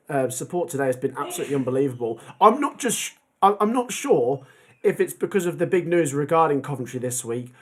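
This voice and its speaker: Casual male streamer, young adult, slightly high voice, rambling chat with lots of ums. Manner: chatty, rambling, many ums. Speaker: football fan channel host. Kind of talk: casual livestream chat reading comments.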